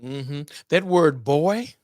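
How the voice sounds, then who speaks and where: Animated man hosting a podcast. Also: fairly high pitch, slow pace, no room sound, clean studio sound. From Memphis area, US. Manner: animated preacher-like delivery, exclamations and laughs. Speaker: podcast host. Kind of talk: solo podcast monologue on fatherhood.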